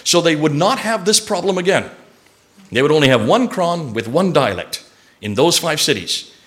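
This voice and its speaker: A man lecturing a live audience, animated and quizzing listeners with rhetorical questions. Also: on the high side, normal speed.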